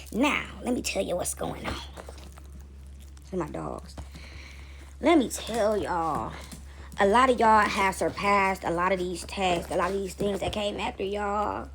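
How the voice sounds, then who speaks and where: A woman preaching casually on a home video, animated and slangy, swearing freely and often laughing. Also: medium pitch, measured pace, pauses often, a little hiss or hum. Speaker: spiritual video creator and mother. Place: home, seated with dogs nearby.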